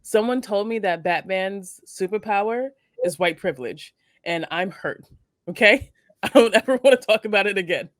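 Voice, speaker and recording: A woman's voice: medium pitch, expressive, normal speed, no room sound, studio quality. A young adult woman co-hosting a casual morning show, joking around with mock seriousness. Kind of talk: casual chat.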